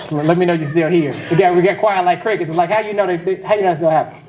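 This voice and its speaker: High-voiced pastor in an echoey hall. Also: male voice, fairly even intonation, very fast, far from the mic, crowd noise, noisy background. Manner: casual, joking asides to the congregation, chuckling. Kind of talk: conversational sermon. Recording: echoey hall, voice picked up from afar.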